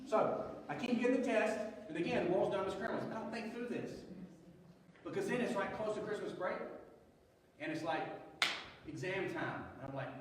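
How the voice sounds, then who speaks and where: A man's voice: high-pitched, moderate pace, pauses often, background noise. A male pastor, telling a humorous story in a sermon and acting out the voices of others. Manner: animated, joking, acts out quoted voices. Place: large church hall. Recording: echoey church hall, far from mic.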